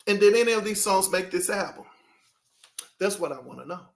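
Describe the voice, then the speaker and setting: A man's voice: sits high, animated, a little fast, vocal fry. A man hosting his own channel, talking casually and rambling to his viewers, throwing out rhetorical questions. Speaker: channel host.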